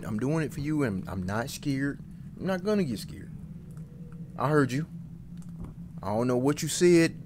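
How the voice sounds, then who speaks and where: A man streaming a horror game, jittery, talking back to it and insisting he is not scared, swinging between loud outbursts and low muttering. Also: animated, normal speed, pauses often, slight background noise. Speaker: gaming streamer.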